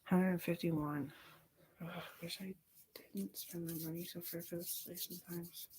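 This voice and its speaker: A young woman rambling in a casual vlog, swearing often and drifting between loud talk and whispers. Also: on the low side, steady tone, moderate pace, husky.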